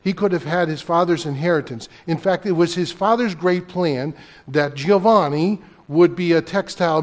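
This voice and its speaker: An older man preaching a sermon as pastor, telling a story and swinging between loud emphasis and hushed, almost whispered lines. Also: fairly high pitch.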